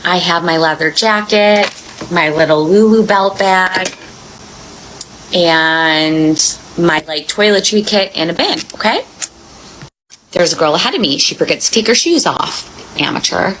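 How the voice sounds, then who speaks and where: A woman vlogger telling a travel story in a casual, sassy, animated way, acting out the other people. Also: fairly low pitch, unhurried, slight background noise, poor audio. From Miami.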